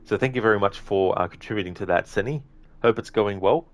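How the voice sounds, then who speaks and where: A man with a deep, low-pitched voice talks through a live gameplay stream. He chats easily with viewers, reads their messages and thanks them, often pausing on an um or correcting himself partway through a sentence. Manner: frequent ums and self-corrections. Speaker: livestreamer. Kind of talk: casual live game-stream commentary.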